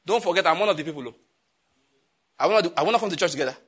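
Pastor guy preaching, kinda husky, jumps around in pitch, scolds then jokes. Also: expressive, racing, fairly bright tone. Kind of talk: sermon.

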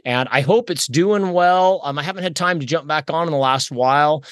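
A man hosting a podcast, chatty and energetic, often repeating words as he talks. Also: on the high side, normal speed, no echo, clean studio sound. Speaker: podcast host. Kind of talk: casual podcast conversation.

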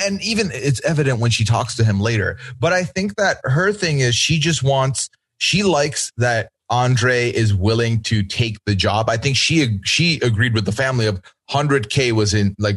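A man co-hosting a podcast, chatting casually and giving opinionated takes with quick asides. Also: mid-range voice, fairly bright tone. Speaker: podcast co-host. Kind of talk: casual chat recapping a reality show.

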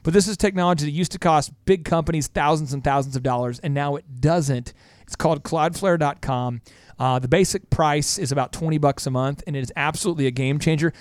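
Man, business podcast host, energetic, rambling analogies, slightly high voice, dry close sound. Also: a little fast, no room sound. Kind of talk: casual podcast chat.

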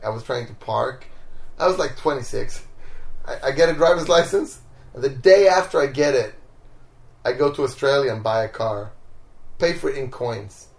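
A man from Sweden chats at home about his travels, laid-back and quick to laugh as he acts out the people in his stories. His voice has a gravelly edge. The room echoes noticeably around him. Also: medium pitch, animated. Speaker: interviewee, street performer. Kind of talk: casual storytelling interview. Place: home, indoors.

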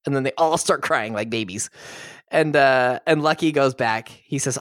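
A man's voice: medium pitch, normal speed, fairly bright tone, no room sound. Male podcast co-host, laid-back film recap with frequent chuckles, dry close sound. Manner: chuckles while retelling.

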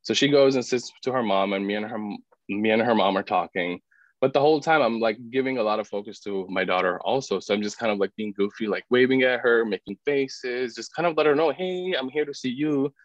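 A man's voice: medium pitch, a little fast, dry recording. A man telling a personal story as a podcast guest, with many "like" fillers and acting out other people's words. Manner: filler-heavy, frequent "like". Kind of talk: casual storytelling. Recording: dull, dry podcast audio.

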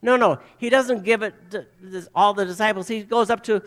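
A man's voice: sits high, a little fast, few pauses. A male pastor preaching a sermon, retelling stories, acting out quoted voices, and repeating phrases for emphasis. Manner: storytelling, acts out quoted voices.

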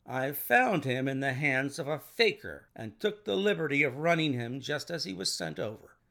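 A man voicing a calm, confident male detective in a storybook reading, speaking in a cool, unhurried, composed way. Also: a little high, gravelly, exaggerated voice.

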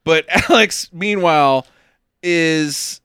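A man's voice: on the high side, slow pace, smooth, no echo, clean studio sound. A man casually recapping a movie with a friend, swearing often and acting out the characters. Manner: animated, swearing, acts out characters. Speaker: podcast co-host.

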